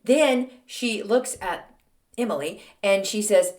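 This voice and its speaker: A woman, speaking at a mid-range pitch, hosts a podcast and tells a story in a loose, chatty way. She keeps the talk conversational, full of little fillers and asides. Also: slow pace, darkish tone. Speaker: podcast host.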